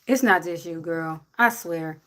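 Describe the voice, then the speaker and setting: A woman's voice: lowish voice, unhurried, a bit bright. A woman, giving blunt, preachy advice to a viewer on a casual livestream. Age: 40s.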